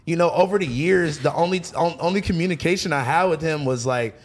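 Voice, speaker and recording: A young man, a rapper guest on a podcast, telling stories in loose casual chat, full of fillers and quick laughs. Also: fairly high pitch. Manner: loose storytelling, heavy on fillers, laughs easily.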